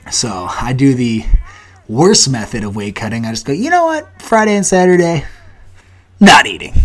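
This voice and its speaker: A young man in his twenties hosts a solo podcast, talking casually in a lowish voice. He is blunt and profane and gets animated as he rants. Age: 20s. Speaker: podcast host.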